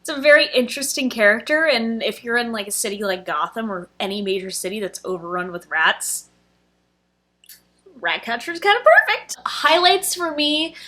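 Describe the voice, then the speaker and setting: Young woman, film review vlogger, bright higher voice, chatty and gushing. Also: lively intonation, normal speed. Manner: gushing, emotional, chatty with fillers. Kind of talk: casual chat.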